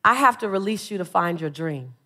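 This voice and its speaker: A woman's voice: on the low side, animated, fairly quick, bright, forceful tone, pitched below the performer's own voice. Exasperated female office boss, patient and matter-of-fact, quoted by a woman speaker. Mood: firm. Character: exasperated female office supervisor, firm but kind.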